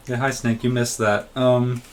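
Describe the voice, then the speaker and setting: A man's voice: medium pitch, flat delivery, measured pace, slight background noise. A man chatting casually while playing a game on a live stream, giggly, jokey and playful.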